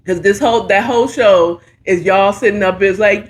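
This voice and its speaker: A woman's voice: medium pitch, moderate pace, hardly any pauses. A middle-aged woman giving casual, sassy, playful commentary while reviewing a talk show.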